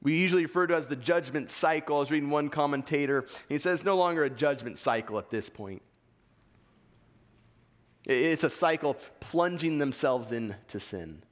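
This pastor's fairly high, animated voice moves at a normal speed while he reads scripture and drives his points home earnestly. He's a man with an East Coast American accent delivering a sermon, captured with long hall reverb.

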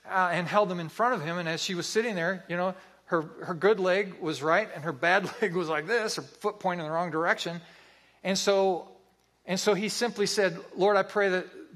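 A man preaching a sermon, telling a story in an earnest, vivid way with pauses. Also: sits high, fairly bright tone.

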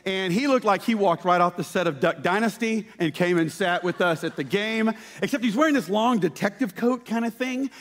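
Man preaching, high voice, animated storytelling, church hall reverb. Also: normal speed, hardly any pauses. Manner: animated storytelling with shouted quotes. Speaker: pastor. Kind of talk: sermon. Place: church sanctuary.

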